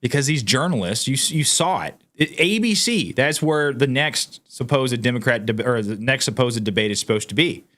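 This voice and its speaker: A man's voice: mid-range voice, animated, normal speed, hardly any pauses, fairly bright tone. Emphatic man doing casual commentary. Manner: emphatic, incredulous, addresses viewers as guys. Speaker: political commentary channel host. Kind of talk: casual on-camera commentary, reading news aloud.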